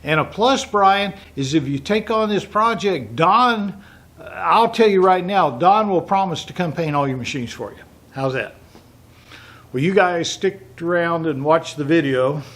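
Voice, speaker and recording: Texas man, teasing mock sales pitch. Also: animated, a little slow, a bit bright. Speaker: woodworking channel host. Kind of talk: joking walkthrough vlog. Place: old run-down warehouse.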